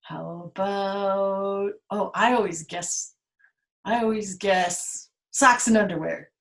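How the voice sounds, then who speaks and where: A woman's voice: medium pitch, slow pace, fairly bright tone. A woman playing Pandora, a curious, vain young woman from Greek myth, in a playful, theatrical storytelling manner.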